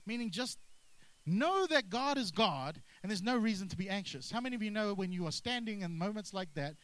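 A man preaching a sermon, energetic and drawing responses from the congregation. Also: high voice, brisk, dry recording, low-quality recording. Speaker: pastor.

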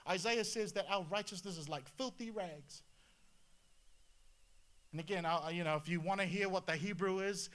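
Animated high-voiced male pastor preaching. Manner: animated, rhetorical questions, jumps between loud and quiet. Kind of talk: sermon.

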